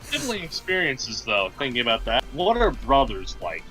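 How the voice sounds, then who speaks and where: A young man co-hosting a casual game development stream, with dry, deadpan teasing. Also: medium pitch, moderate pace, music in the background, rough recording.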